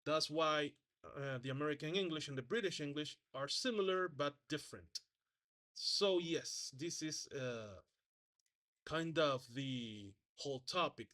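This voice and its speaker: A man's voice: a little high, fairly bright tone. A man giving a spoken exam presentation as a student, hesitant, restarting words and correcting himself, demonstrating pronunciations by repeating example words.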